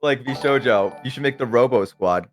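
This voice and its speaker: A man's voice: mid-range voice, moderate pace, soft background music. A man in his twenties, a guest streamer, chatting casually in a laid-back, self-deprecating, rambling way. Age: 20s. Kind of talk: casual chat on a livestream.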